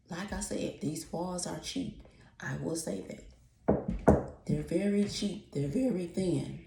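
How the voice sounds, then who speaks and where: A woman's voice: lowish voice, takes it slowly, creaky, mellow, slight background noise. A woman, ranting in a casual, profane, rambling vlog about her apartment. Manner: exasperated, profane, rambling rant. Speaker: vlogger. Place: apartment at home. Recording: echoey room.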